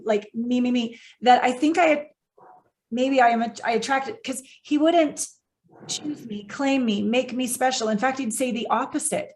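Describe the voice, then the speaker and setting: A podcast host, a woman with a fairly high voice, speaks earnestly and sounds close to tears. She opens up in a heartfelt conversation, affirming her guest as she goes. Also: normal speed. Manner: earnest, tearful, affirming listener. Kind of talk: emotional interview conversation.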